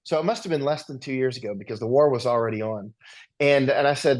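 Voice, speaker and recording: A man's voice: medium pitch, quick pace, a little mellow. Man rambling through anecdotes. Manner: rambling anecdotal, tag questions. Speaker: guest. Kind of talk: conversational interview storytelling.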